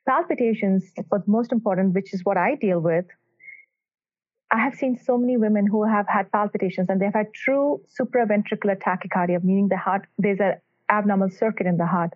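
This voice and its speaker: A woman doctor speaks earnestly and with emphasis as she answers interview questions, her voice sitting at an ordinary middle pitch. The sound comes through thin and tinny, like a phone line. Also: a little fast. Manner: earnest and emphatic, telling patient stories. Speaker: cardiac electrophysiologist guest.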